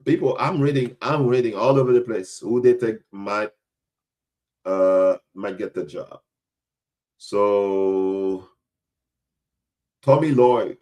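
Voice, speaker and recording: A man's voice: mid-range voice, a little mellow. A young adult man from Florida hosting a podcast, giving casual sports commentary in a blunt, emphatic way, often repeating himself for effect. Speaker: podcast host.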